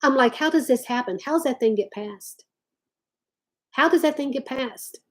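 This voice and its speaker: A woman's voice: high voice, moderate pace. A woman ranting to her viewers. She talks emphatically and drawls "y'all" often. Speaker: vlogger talking to live chat. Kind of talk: impassioned rant to viewers.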